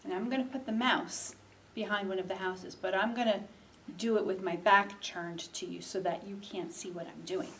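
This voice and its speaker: A woman's voice: medium pitch, fairly even intonation, normal speed, fairly bright tone, recorded from a distance, a little hiss or hum, poor audio. A woman librarian giving a storytime reading for children, sing-song and stopping to ask the little listeners questions. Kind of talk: storytime read-aloud for children.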